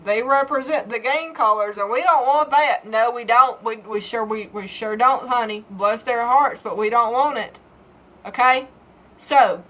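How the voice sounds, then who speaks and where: A woman's voice: fairly high pitch, a bit bright, low-quality recording. A young woman from Georgia with a Southern accent, vlogging in a playful, folksy way with an exaggerated drawl. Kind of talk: comedic casual vlog.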